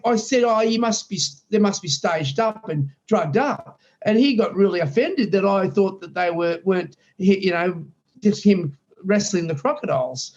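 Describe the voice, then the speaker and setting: A man's voice: sits high, a little mellow, dull audio. A man in his late sixties with an Australian accent, a guest telling rambling stories in casual interview chat. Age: 60s. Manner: rambling storyteller, many restarts.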